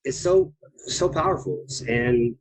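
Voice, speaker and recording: Heartfelt, halting male group member. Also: medium pitch, sing-song, poor audio. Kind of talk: casual sharing on a group call.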